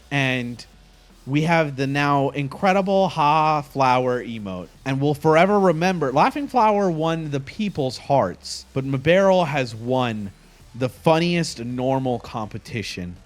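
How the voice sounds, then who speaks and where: A young man hosting a casual stream, reacting with excitable laughter and animated commentary. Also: medium pitch, unhurried, faint music behind. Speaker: streamer host.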